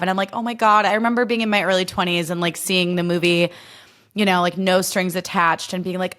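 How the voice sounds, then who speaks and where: A woman's voice: fairly low pitch, fairly even intonation, fast, a bit bright. A woman in her thirties from Illinois, hosting a solo podcast in a chatty, emphatic way, full of fillers and swearing. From Illinois, USA. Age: 30s. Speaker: podcast host. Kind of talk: casual solo podcast chat.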